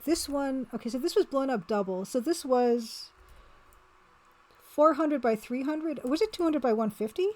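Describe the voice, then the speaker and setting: A woman with a somewhat high voice talks loosely through her artwork on a live stream. She rambles, restarts, and keeps replying to chat in an easygoing, chatty way. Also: expressive, normal speed, darkish tone. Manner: rambling, chatty, reads and answers chat, laughs often. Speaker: streamer and pixel artist.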